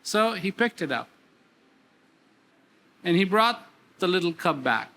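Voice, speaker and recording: Slow, emphatic male storyteller. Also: sits high, big pitch swings, bright, forceful tone. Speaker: speaker. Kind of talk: storytelling talk.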